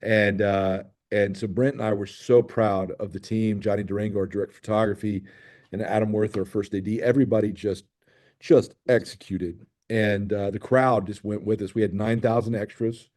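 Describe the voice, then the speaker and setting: A man's voice: on the low side, steady tone, moderate pace, a little mellow. A middle-aged man, a film director guest, telling stories eagerly with many restarts in an interview. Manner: enthusiastic storytelling with many restarts. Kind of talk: interview chat.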